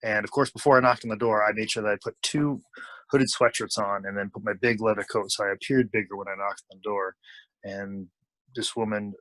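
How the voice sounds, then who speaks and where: A man's voice: on the low side, fairly quick, dry recording, low-quality recording. A man telling a long anecdote as an interview guest, acting out the people he quotes. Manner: animated, acts out quoted lines. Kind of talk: casual storytelling.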